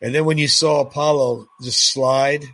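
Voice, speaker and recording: A middle-aged man co-hosting a podcast, chatting excitedly about a film and telling stories from memory. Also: medium pitch, moderate pace. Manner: excited, storytelling, animated recollection. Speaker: podcast co-host. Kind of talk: casual film commentary chat.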